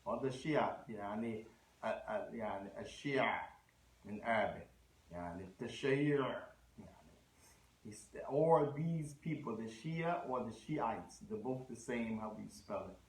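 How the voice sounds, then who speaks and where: Man giving an echoey religious lecture. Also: mid-range voice. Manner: conversational, scattered Arabic phrases and restarts. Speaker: Islamic lecturer.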